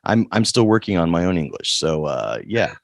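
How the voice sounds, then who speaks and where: A man's voice: sits low, very animated, normal speed, creaky, dry recording. A man hosting an interview, joking with dry sarcasm before asking his next question. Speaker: interview host. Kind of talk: casual interview chat.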